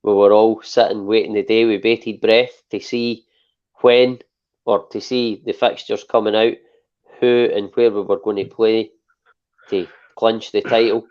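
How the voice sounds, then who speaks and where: A man's voice: lowish voice, little pitch movement, measured pace. A Scottish man hosting a football podcast, chatting casually and leaning on fillers like "obviously". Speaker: podcast host. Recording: dull lo-fi podcast audio.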